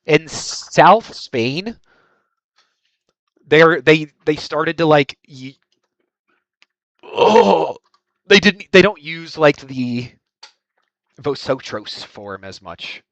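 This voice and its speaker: A man's voice: on the high side, lively intonation, very slow, long pauses, a bit bright, no echo, dull audio. A man streaming a speedrun, chatting casually with his live chat and reading messages aloud. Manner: reads chat aloud, hums and scats to himself.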